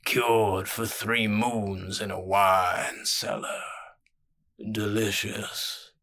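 A hulking crime lord of the underworld, drawing out every word in a low, rumbling drawl as a male narrator voices him. His cheer is thin cover for menace, and his tone stays level and flat, lazily savoring the threat. Heard in an audio fantasy drama. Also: full character voice. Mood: silkily menacing. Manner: slow, rumbling, genial menace. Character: huge bald crime boss, cheerful and menacing.

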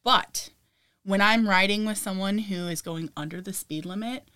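A woman's voice: medium pitch, normal speed, clean tone. A young woman co-hosting a podcast, telling stories in casual chat and laughing often. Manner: animated storyteller, laughs often. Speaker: podcast co-host.

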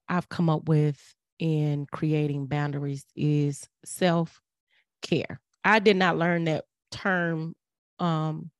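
A woman's voice: low-pitched, dry recording, clean studio sound. A middle-aged woman, speaking in an earnest, preachy way and repeating phrases for emphasis. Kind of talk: casual motivational talk.

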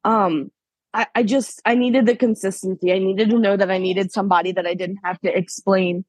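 A woman's voice: medium pitch, steady tone, brisk, a little mellow, husky, no room sound. A woman from Pennsylvania, a podcast guest, telling her story in a chatty, casual way, laughing often and acting out what people said to her. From Pennsylvania, USA.

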